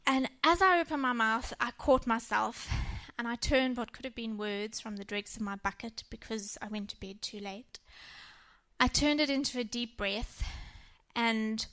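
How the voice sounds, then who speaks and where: A woman in her thirties speaks to a church about raising children. She tells stories from home in a gentle, personal way. Her voice sits a little high for a woman. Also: moderate pace. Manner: warm personal storytelling, gentle. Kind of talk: talk on parenting.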